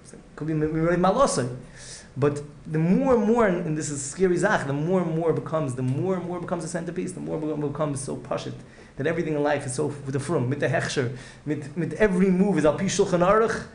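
The rabbi's gravelly voice runs rapid and fairly high as he gives an earnest, heartfelt Torah class. He repeats himself, restarts phrases, and blends in Hebrew and Yiddish words, all captured in an echoey room with faint ambience.

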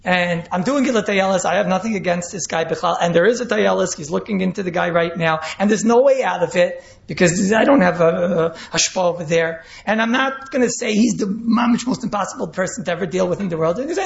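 Animated man teaching in an echoey room. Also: high voice, a little fast, creaky, few pauses. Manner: animated, mixes Yiddish and Hebrew terms, repeats key phrases. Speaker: Torah teacher. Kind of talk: Torah class lecture. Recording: echoey room, dull lo-fi sound.

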